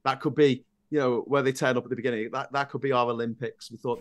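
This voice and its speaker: A man co-hosting a casual political podcast, telling stories with dark humor. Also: medium pitch, fast talker. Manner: animated storyteller, dark humor. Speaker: podcast co-host.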